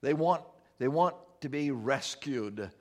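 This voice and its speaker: A man preaching a sermon as pastor, earnest, slowing down for emphasis and dropping soft and low when he prays. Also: expressive.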